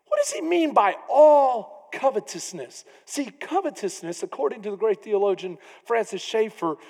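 Pastor guy with a really high voice, preaching, big echoey hall. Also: sing-song, normal speed. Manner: preaching with rising emphasis and shouted peaks. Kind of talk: sermon. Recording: long reverb of a large hall.

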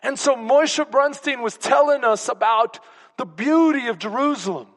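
A pastor preaching in a rather high voice, telling personal stories with open emotion and now and then dropping to a whisper. His sermon carries a long reverb, as if recorded in a big church hall. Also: moderate pace, a bit bright. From Texas. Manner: storytelling, emotional, whispers for emphasis.

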